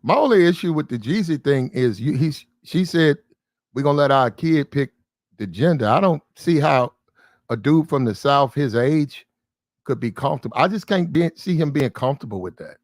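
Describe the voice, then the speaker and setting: A man's voice: fairly high pitch, expressive, moderate pace, darkish tone, no echo. Man, livestream host, blunt and disbelieving, swears casually; dry, close sound. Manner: blunt, incredulous, swears freely. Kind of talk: casual commentary.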